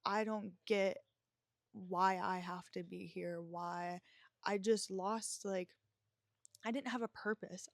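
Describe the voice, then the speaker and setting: A woman speaking candidly into the mic as she tells her own story, reflective and confessional, her talk full of filler words. Her voice sits at an ordinary middle pitch. The sound is close and dry, with no room echo. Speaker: podcast host.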